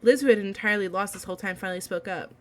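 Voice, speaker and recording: A woman streamer reading a visual novel aloud, breaking into gushing, excitable outbursts. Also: medium pitch, racing.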